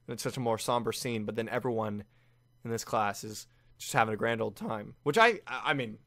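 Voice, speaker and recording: A young man with a slightly gravelly voice reacts to an anime in casual commentary, excited and often laughing as he quickly imitates the characters. He is recorded close to the mic in a small, dry room with no echo. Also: medium pitch.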